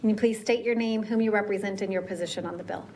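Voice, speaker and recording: A woman chairing a legislative hearing, calling witnesses in a brisk, formal, routine manner. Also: mid-range voice, fairly even intonation, a little mellow, a little hiss or hum. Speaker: committee chair. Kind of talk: procedural hearing announcements.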